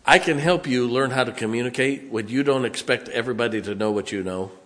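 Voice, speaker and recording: A man's voice: mid-range voice, brisk, fairly bright tone, long reverb tail. A middle-aged male pastor, preaching a sermon in a church with folksy, conversational stories. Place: church sanctuary.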